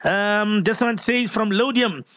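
A man's voice: high-pitched, measured pace, fairly bright tone, highs cut off. A man hosting a live radio call-in show, playful and coaxing, stretching words for emphasis. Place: radio studio.

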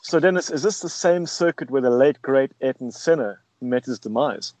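Easygoing guy hosting a radio show, mid pitch, dead dry mic. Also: normal speed, a little mellow, dry recording, poor audio. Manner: jokey, easygoing. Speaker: show host. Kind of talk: casual radio chat.

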